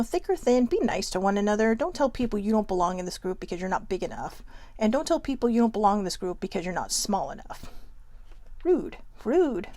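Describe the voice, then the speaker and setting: A woman's voice: mid-range voice, darkish tone, no echo. A woman hosting a casual motivational vlog, talking in a chatty, emphatic way and laughing often. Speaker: vlog host.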